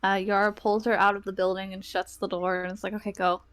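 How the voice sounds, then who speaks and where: A woman's voice: mid-range voice, flat delivery, quick pace. A woman giving a rambling, casual recap of the last tabletop game session, full of fillers and acted-out lines from her friends.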